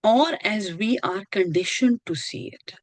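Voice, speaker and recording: Woman, course instructor, earnest and repetitive phrasing, mid pitch, dry video-call sound. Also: unhurried, darkish tone, dry recording, low-quality recording. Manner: earnest, repeats and restarts phrases. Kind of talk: online lecture.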